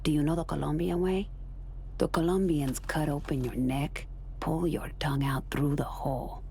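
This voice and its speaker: A calm Texan killer. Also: female voice, deep voice, vocal fry, a little hiss or hum. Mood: menacing. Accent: Texas. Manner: slow, calm, threatening. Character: cold menacing gang enforcer, calm killer. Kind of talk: video game dialogue.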